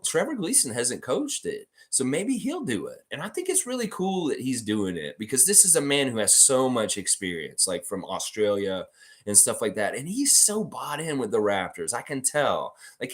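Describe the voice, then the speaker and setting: A man's voice: lowish voice, big pitch swings, normal speed. A man hosting a casual live stream, rambling and reading viewer comments aloud. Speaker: livestream host.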